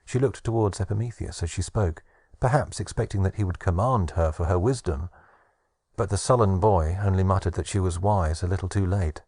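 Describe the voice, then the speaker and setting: A man narrating a children's audiobook in a gentle storybook reading style. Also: deep voice, fairly quick, dry recording, clean studio sound.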